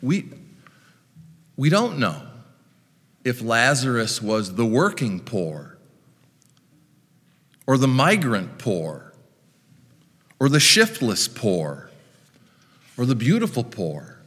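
A man preaching a sermon in a measured, reflective way, with wry asides. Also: mid-range voice, wildly swooping pitch, fairly bright tone. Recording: long hall reverb.

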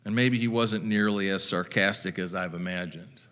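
A man's voice: deep voice, fairly even intonation, moderate pace, fairly bright tone, long reverb tail. A man preaching a sermon as pastor, retelling scripture with wry, dry humor.

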